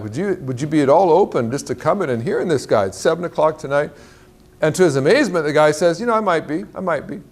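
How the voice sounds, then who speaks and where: A man preaching to a large church crowd, telling a story with lively acted-out quotes and a lot of pitch jumps. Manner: animated storyteller, acts out quotes in a higher voice. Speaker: guest speaker. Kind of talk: sermon storytelling. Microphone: clip-on mic.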